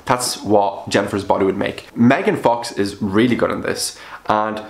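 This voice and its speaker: A young man chatting casually about films he watched, bluntly and with sudden jumps up in pitch for emphasis. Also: moderate pace. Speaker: film vlogger. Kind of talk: casual film review vlog. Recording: roomy echo.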